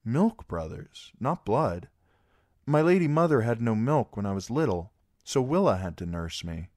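A man's voice: medium pitch, big pitch swings, a little slow, darkish tone, no room sound, studio quality, voice pushed up. A man voicing a shy, polite boy squire and young lord in a storybook reading, earnest and a little hesitant.

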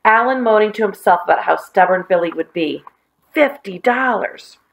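A woman reading a children's novel aloud, giving the characters lively voices and adding chatty asides. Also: fairly low pitch, brisk, gravelly, low-quality recording. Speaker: children's book reader.

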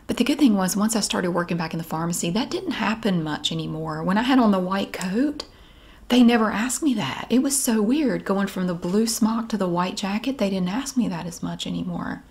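A woman's voice: medium pitch, moderate pace, a little mellow. Middle-aged woman vlogging, wry and chatty, kinda exasperated storytelling. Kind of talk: casual storytelling.

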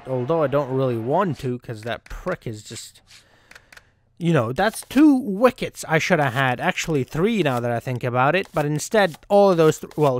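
A man giving casual, exasperated gameplay commentary, swearing and cracking jokes. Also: a little high. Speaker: gaming YouTuber. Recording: loud game crowd and noise behind. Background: game crowd and ambience.

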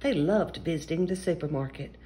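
A woman hosting a story-time channel, reading a children's picture book aloud in an animated, expressive way. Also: sits low, fairly quick. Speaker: storyteller host.

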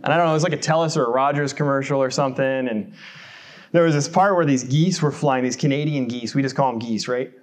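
A male pastor from the United States preaching in a church, at an ordinary middle pitch. He talks to the congregation in a relaxed, conversational way with light self-deprecating humor. He keeps asking them questions as he goes. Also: quick pace. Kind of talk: sermon.

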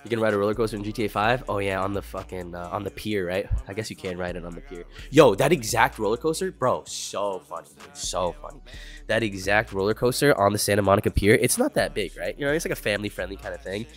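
A man's voice: fairly low pitch, fast, soft background music. A young man in his twenties chatting on a livestream, laid-back and swearing a lot as he reacts to chat. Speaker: streamer.

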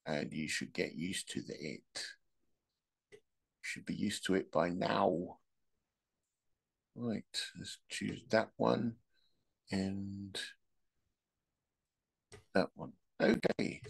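A man's voice: low-pitched, fairly even intonation, drawn-out words, vocal fry, long pauses, breathy edge. A man hosting a podcast, telling rambling, joking anecdotes in a casual monologue. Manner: rambling, joking storyteller who laughs at his own anecdotes. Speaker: podcast host.

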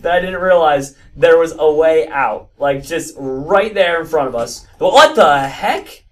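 A man giving excited gameplay commentary, stammering and restarting with frequent exclamations. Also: a little high, normal speed, few pauses, far from the mic. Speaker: gaming video host.

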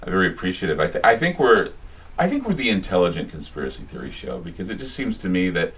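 Low-voiced male radio host, chatty and rambling, recorded live from a distance in a small shop. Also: very animated, fast, fairly bright tone. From United States. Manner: rambling, chatty storyteller with many restarts. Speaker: radio host giving a talk. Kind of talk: casual public talk with anecdotes. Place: small bookstore, indoors.

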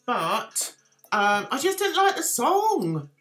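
Speaking slowly in a fairly high, slightly bright voice, she is very animated as she hosts a relaxed live stream. She wanders from topic to topic, pokes fun at herself, and reads comments from chat.

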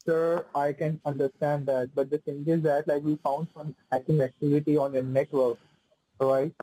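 A man with a husky, dark voice plays a support agent on a phone call. He leans on "like" and "sir" over and over and repeats himself as he talks through each step. The sound is dry and close, with no room around it. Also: fairly high pitch, flat delivery, normal speed, no room sound. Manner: repetitive, fills speech with "like" and "sir".

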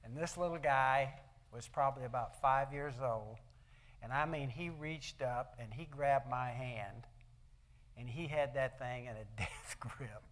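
At an event hall, an older man gives a motivational talk, telling folksy personal stories and putting rhetorical questions to the audience. His voice is mid-range with a fairly bright tone.

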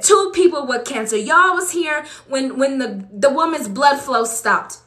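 Bright-voiced woman preaching in an echoey church. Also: sits high, animated, unhurried, hardly any pauses. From Los Angeles. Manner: fervent, conversational preaching to the congregation. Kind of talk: testimony sermon. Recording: echoey room.

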